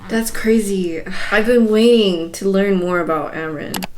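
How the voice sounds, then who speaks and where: A young adult woman giving animated live reactions in a book-reading vlog, exclaiming, laughing and sighing often. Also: mid-range voice, measured pace, slight background noise. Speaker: book vlogger.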